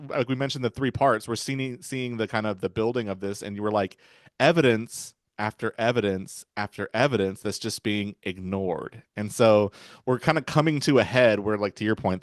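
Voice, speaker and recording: A man's voice: lowish voice, no echo, studio quality. A man hosting a podcast, retelling film scenes in a rambling, casual way with chuckles. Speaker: podcast host.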